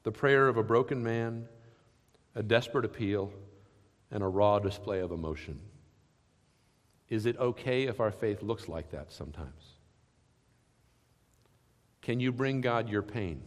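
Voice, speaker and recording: A man pastor giving a sermon, earnest and questioning, often sinking to soft, low passages. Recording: long hall reverb.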